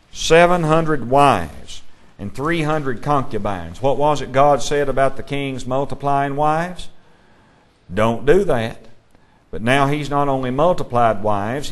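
A man's voice: medium pitch, expressive, slow pace. Man teaching a Bible class. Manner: asks the class questions, reads scripture aloud.

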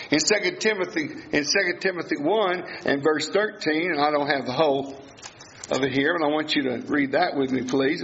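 A man's voice: fairly high pitch, fairly bright tone. A man preaching a sermon at a Bible study, emphatic and given to repeating key phrases. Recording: echoey room, dull lo-fi sound.

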